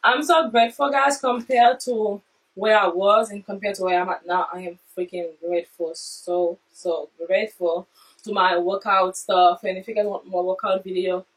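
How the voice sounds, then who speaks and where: A woman vlogging casually from her basement, chatting straight to viewers, excitable and swearing freely. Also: medium pitch, normal speed, far from the mic, rough recording. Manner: excitable, swearing, talks straight to viewers, non-native grammar. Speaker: vlogger unboxing her own fitness products. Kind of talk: casual unboxing vlog. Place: home basement.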